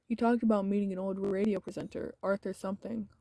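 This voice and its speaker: A woman voicing a friendly middle-aged male Greek restaurant owner with a Greek accent, speaking softly and easily in a game. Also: mid-range voice, little pitch movement, quick pace, no echo, natural voice.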